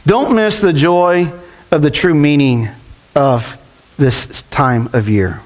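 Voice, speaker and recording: High-voiced middle-aged male pastor. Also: slow pace. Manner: conversational, storytelling, laughs often. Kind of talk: sermon.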